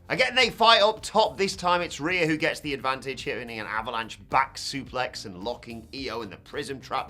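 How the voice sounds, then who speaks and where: A man recapping a wrestling show, animated, swinging from loud calls to hushed asides. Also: medium pitch. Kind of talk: scripted recap commentary.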